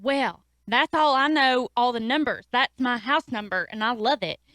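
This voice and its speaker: A woman puts on a brash businesswoman who rambles and talks tough. Her voice is high and bright. The recording is dry and close, from a comedy radio studio. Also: normal speed, no room sound. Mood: sassy. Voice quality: sassy, rambling, tough-talking. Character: brash, scatterbrained woman dating-site boss. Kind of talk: improv comedy acting.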